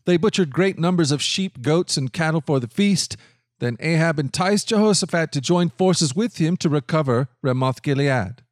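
A man's voice: fairly high pitch, expressive, normal speed, no echo, studio quality. Man narrating a Bible reading.

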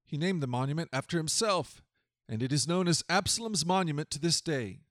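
A man reads scripture in a measured, earnest way, with his voice a little higher than most men's. The recording is close and dry. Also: fairly bright tone, no echo. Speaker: scripture reader. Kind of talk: scripted narration.

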